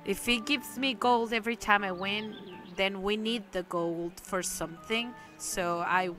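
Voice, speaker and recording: A woman's voice: medium pitch, fairly even intonation, a little slow, fairly bright tone, faint music behind. Chatty, hesitant woman playing a game. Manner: chatty, hesitant, with many ums and self-deprecating remarks. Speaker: let's play host. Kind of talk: casual game commentary.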